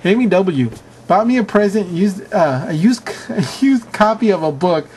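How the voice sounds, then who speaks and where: Man, casual commentary, chuckling, mock-outraged, slightly high voice, light background hiss. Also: expressive, moderate pace, darkish tone. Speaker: video host reading answers. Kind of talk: casual commentary reading aloud.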